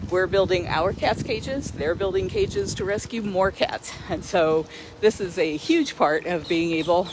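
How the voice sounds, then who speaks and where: A woman with a rather low voice hosts a casual sanctuary livestream by a lake, speaking a little slowly into her phone over a noisy background. She's chatty and enthusiastic and laughs a lot.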